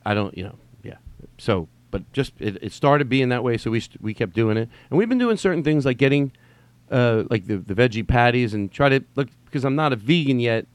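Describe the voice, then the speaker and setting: A man talks alone into a podcast mic at home, rambling loosely and cursing freely. His voice sits at an ordinary middle pitch. The sound is close and dry, with no room echo at all. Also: expressive, fairly quick. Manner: rambling, profane, restarts sentences often. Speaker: podcast host. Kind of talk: rambling solo podcast chat. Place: at home during quarantine.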